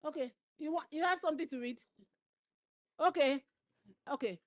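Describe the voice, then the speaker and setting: Woman moderator, high voice, encouraging, introduces the next reader, dry sound. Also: moderate pace, no room sound. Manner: encouraging, asks the audience for quiet. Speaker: session moderator. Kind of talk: introducing a speaker on stage. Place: conference stage.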